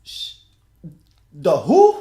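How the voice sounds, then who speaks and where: A man in his thirties with a New York accent co-hosts a casual sports podcast, laid-back and quick to laugh. His pitch moves a lot and sits a bit high, with an echoey room around him. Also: wildly swooping pitch, crowd noise. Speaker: podcast co-host.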